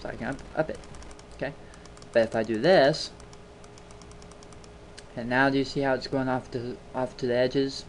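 Man, casual tutorial host, chatty, repeats himself, mid-pitched voice, faint hiss behind. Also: steady tone, moderate pace. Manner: chatty, rambling, repeats words for emphasis. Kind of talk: casual screen-recording tutorial.

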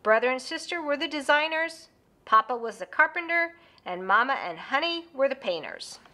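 Woman reading a kids storybook out loud, lively, bright voice, bit high. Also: moderate pace. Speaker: narrator. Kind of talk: scripted storybook narration.

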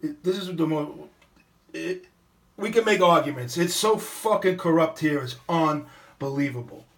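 Middle-aged New man ranting to camera, blunt and profane, voice sitting a touch high. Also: lively intonation, unhurried, a bit bright. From New York. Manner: blunt, profane, repeats and restarts. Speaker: vlogger. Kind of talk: casual ranting monologue.

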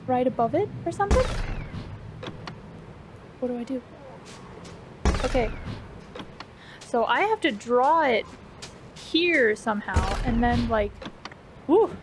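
A woman commenting on her gameplay, gasping often and repeating excited exclamations. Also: sits high, unhurried, pauses often, noisy background. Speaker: let's play gamer. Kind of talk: let's play commentary. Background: game music.

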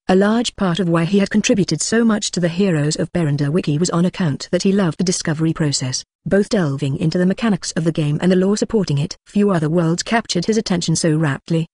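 An audiobook narrator reading a fantasy novel in an even, unhurried way, with little change between characters. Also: mid-range voice, no echo, studio quality.

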